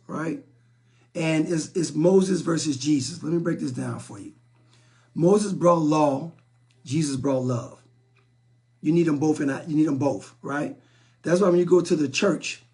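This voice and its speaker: Blunt, gravelly-voiced man on a live stream. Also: on the high side, a little mellow. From South Side of Chicago, USA. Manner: blunt, preachy, repeats himself and stumbles over words. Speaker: relationship talk show host. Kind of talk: live-stream talk, reading and answering viewer comments.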